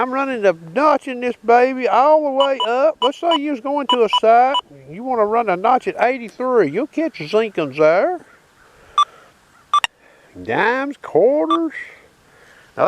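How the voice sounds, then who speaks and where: A man's voice: extremely high pitch, lively intonation, a little slow. A man with a Southern US accent giving a folksy outdoor metal detector demonstration, often calling his viewers boys and checking in with "okay?". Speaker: metal detecting channel host. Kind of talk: casual demonstration talk. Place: outdoors at a dig site. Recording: loud outdoor background noise. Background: detector tones and noise.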